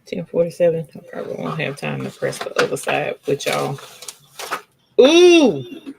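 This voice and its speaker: A woman's voice: low voice, steady tone, fairly quick, vocal fry, background noise. A woman hosting a crafting livestream, chatting casually and gushing to her viewers. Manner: gushing, addresses viewers as y'all. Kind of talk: casual live demo chat.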